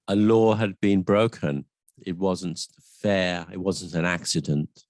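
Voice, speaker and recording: Deep-voiced playful man on a podcast. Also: fairly even intonation, darkish tone, no room sound, clean studio sound. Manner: playful, explains words slowly. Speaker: podcast co-host. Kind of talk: casual chat.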